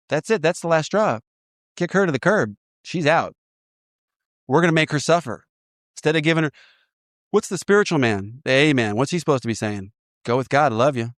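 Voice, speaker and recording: A man sponsoring in a recovery program, walking a listener through an inventory in a lively, joking way with frequent laughter. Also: on the high side, no room sound, clean studio sound. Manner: animated, laughs often, acts out voices. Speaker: AA sponsor guiding a step inventory. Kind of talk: casual teaching talk.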